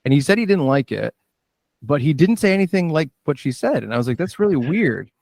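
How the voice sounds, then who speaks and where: Animated man telling stories, dry studio sound. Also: fairly high pitch, a little fast, gravelly, no room sound. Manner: animated storyteller, acts out quoted dialogue. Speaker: musician and director, guest. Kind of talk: casual storytelling interview.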